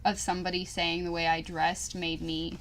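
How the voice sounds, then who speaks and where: A young woman co-hosting a podcast tells an animated story in casual chat, swearing frequently and saying "like" a lot. Her voice is fairly low and her pace is moderate.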